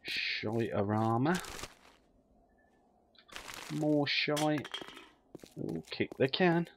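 Slow-talking, swearing gamer. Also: male voice, on the high side, animated, a little hiss or hum. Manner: swears freely, mutters to himself. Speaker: let's play gamer. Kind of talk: casual gameplay commentary.

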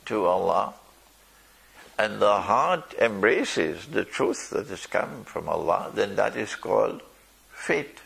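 A man delivers a sermon in a gravelly voice with some vocal fry. He speaks slowly and emphatically, pausing to ask rhetorical questions and slip in dry jokes. His pitch rises and falls widely. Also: big pitch swings, fairly bright tone. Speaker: Islamic preacher. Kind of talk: sermon to a live audience.

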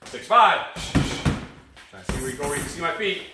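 A man's voice: a little high, lively intonation, a little fast, echoey room, distant mic, very noisy. A man coaching a live-streamed boxing cardio workout, calling out counts and combos and swearing freely as he pushes viewers on. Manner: profane, pumped-up drill counting.

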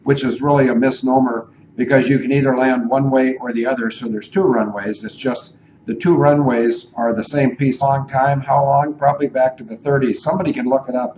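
A man hosts a casual talk show at an average pitch, wandering from point to point and thinking out loud between fillers. A faint hiss sits under his voice. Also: rough recording. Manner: rambling, digressive, thinks aloud. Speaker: show host.

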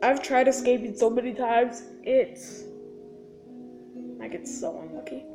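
A woman's voice: on the high side, fairly even intonation, a little slow, over music. A woman casually commenting on her gameplay, chatty and talking straight to her viewers with little sound-effect words. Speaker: gaming video host.

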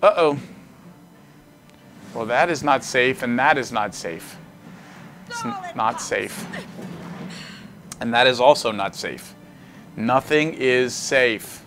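A man's voice: mid-range voice, slow, pauses often, soft background music. Joking male livestream host. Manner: animated, joking, thinks aloud. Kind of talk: casual livestream gameplay commentary.

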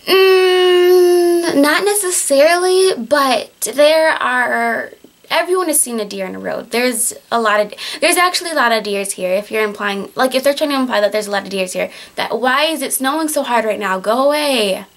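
A woman's voice: a little high, animated, moderate pace, fairly bright tone. A teenage girl from Michigan with a Michigan accent, chatting at home in a casual vlog, exasperated and full of fillers and restarts. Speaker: vlogger on a group channel. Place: at home, in winter.

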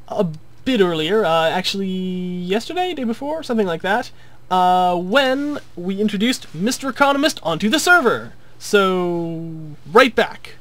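A young man casually talking through his video game build, rambling with frequent ums and uhs. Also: sits high. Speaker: video host. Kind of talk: casual gameplay commentary.

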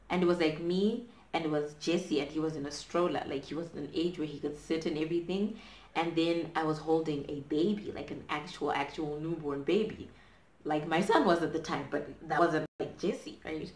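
Chatty woman telling a dramatic story. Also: deep voice. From Zimbabwe. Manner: chatty, dramatic, lots of fillers like "like" and "right?". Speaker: vlogger. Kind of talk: storytime chat while doing hair. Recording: echoey room.

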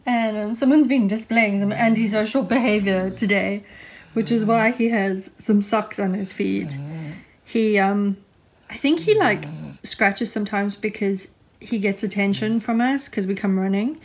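A woman's voice: medium pitch, measured pace. A young woman chatting casually in a home vlog, often cooing at her dog. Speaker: vlogger and dog owner.

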